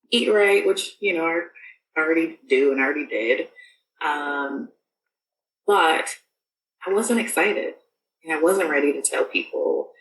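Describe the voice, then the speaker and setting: Woman w/ a low voice rambling through her story, lots of ums, echoey room far from the mic. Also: a bit bright, slight background noise. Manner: rambling, full of fillers and restarts. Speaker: podcast guest. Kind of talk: casual storytelling.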